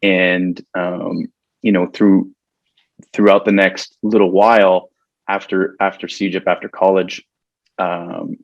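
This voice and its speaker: A fairly low-voiced man in his forties tells stories in a relaxed chat and laughs often along the way. He often starts a phrase over before he finishes it. His audio is dry and a little muffled. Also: slow, no echo. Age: 40s. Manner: chatty, laughs often, many restarts. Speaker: podcast guest. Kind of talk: casual interview storytelling.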